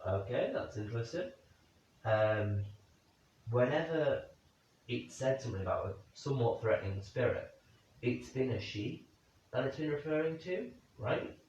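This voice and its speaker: A man with an animated, mid-range, darkish voice thinks aloud on a nighttime ghost hunt in a room, speculating and questioning spirits at normal speed with long pauses. Audio is far off, very reverberant, dull and lo-fi, with slight background noise.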